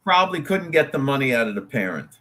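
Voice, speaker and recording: A man's voice: medium pitch, very animated, fast, fairly bright tone. A man co-hosting a talk show, arguing his case emphatically and tripping over repeated words when he gets worked up. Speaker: co-host. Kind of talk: casual opinionated banter.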